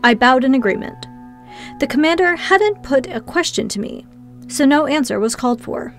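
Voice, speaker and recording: A woman's voice: high-pitched, expressive, moderate pace, faint music behind. Woman narrating a classic audiobook. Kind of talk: first-person scripted narration.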